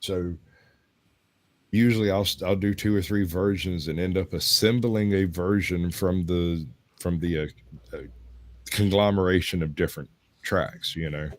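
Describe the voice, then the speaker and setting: A man's voice: sits low, fairly even intonation, a little slow, a little mellow, dry recording. A man with a Southern US accent, chatting casually and telling long stories as a co-host. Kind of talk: casual chat.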